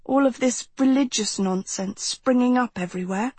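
Woman doing a snappy teen girl voice, kinda husky, up high, dry audiobook sound. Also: normal speed, mellow, dry recording. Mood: questioning. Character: sharp-tongued seventeen-year-old girl, impatient. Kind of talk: audiobook character voice.

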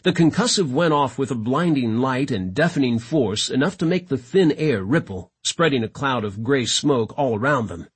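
A man narrating a science fiction audiobook in a dramatic, expressive reading style. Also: medium pitch, moderate pace, hardly any pauses, breathy edge.

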